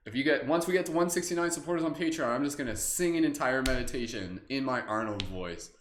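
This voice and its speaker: A man's voice: mid-range voice, a little fast, few pauses. A man hosting a live-streamed guided meditation, talking loosely and rambling into silly asides between affirmations. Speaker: meditation host. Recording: roomy echo.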